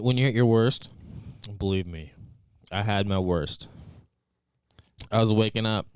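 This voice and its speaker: A man's voice: mid-range voice, dry recording, studio quality. A man co-hosting a casual live-stream chat, telling a story with lots of fillers, restarts and laughs. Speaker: co-host. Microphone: desk mic, headphones.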